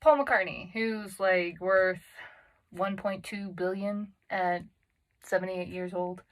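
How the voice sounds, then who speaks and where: A woman's voice: mid-range voice, fairly even intonation, slow pace, low-quality recording. A woman hosting a solo podcast, recorded in a home closet on a phone and computer, talking in a chatty, self-deprecating way with lots of fillers. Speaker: podcast host. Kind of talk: casual solo podcast chat.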